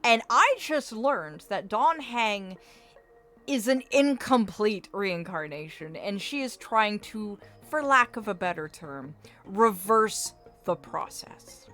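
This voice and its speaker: Animated, bright-voiced woman streamer. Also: medium pitch, takes it slowly, faint music behind. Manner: chatty, theorizing, playfully dramatic. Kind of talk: casual game stream commentary.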